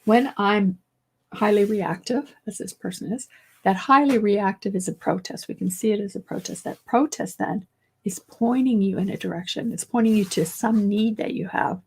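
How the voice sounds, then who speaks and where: A woman therapist giving a casual solo talk, reassuring and thinking aloud, hoarse because she is losing her voice. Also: medium pitch, moderate pace. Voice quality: gravelly, husky. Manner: warm-hearted, reassuring, thinks aloud with restarts. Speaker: therapist and teacher.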